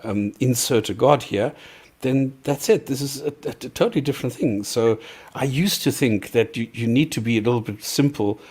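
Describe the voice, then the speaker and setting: A man's voice: mid-range voice, moderate pace, darkish tone, husky. A man co-hosting a live discussion, thinking aloud in a reflective, hesitant way. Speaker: co-host. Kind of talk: casual live-stream discussion.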